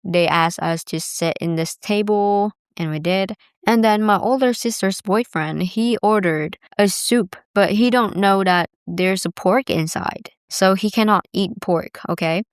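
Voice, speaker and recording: A woman's voice: mid-range voice, unhurried, clear, resonant tone, no echo, studio quality. Chatty young woman telling a story. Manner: chatty, lots of filler words, acts out others' voices. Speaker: vlogger. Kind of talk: casual storytelling to camera.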